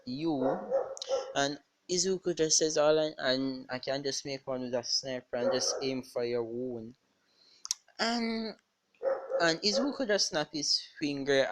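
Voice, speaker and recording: A speaker improvising a fan-fiction story aloud, rambling and halting, with many fillers and restarts. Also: medium pitch, noisy background.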